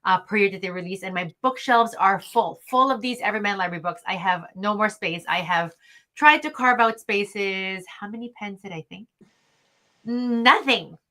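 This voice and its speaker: A woman's voice: mid-range voice, normal speed, bright, forceful tone. A woman, co-hosting a podcast in casual, enthusiastic chat. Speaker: podcast co-host.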